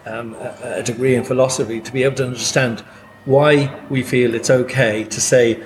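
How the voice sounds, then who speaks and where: A man on a podcast speaking in a measured, hesitant way with many uhs. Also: medium pitch, little pitch movement. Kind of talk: casual podcast chat. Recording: clear background noise.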